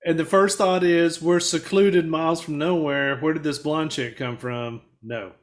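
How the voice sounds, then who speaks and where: A man co-hosting a casual talk show, cracking quick jokes and laughing often. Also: on the high side, steady tone. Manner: quick wisecracks, laughs a lot. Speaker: podcast co-host. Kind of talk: casual chat.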